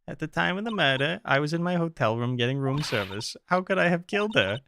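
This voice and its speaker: A man doing a high, whiny witness girl. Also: sing-song, brisk, gravelly, pushed and bright, a little hiss or hum, heavily acted. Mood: coy. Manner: whiny and coy, girlish. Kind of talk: reading a game's dialogue aloud.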